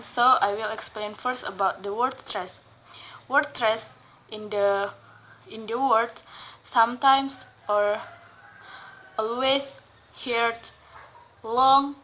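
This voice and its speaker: Woman english speaker teaching word stress, slow and hesitant, bit of background hiss. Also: on the high side, sharp tone, rough recording. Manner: hesitant, with fillers and self-corrections; repeats example words slowly, stressing syllables.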